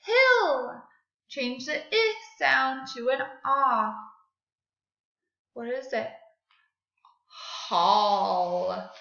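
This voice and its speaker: Slow, bright-voiced teacher sounding out words. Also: female voice, sits high, gravelly. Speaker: second grade teacher. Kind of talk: online phonics lesson. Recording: echoey room, dull lo-fi audio.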